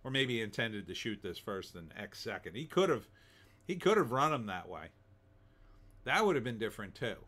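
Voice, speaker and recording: A man's voice: on the low side, sing-song, moderate pace, fairly bright tone. A middle-aged man giving a casual, rambling spoken movie review, full of fillers and restarts. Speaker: film reviewer.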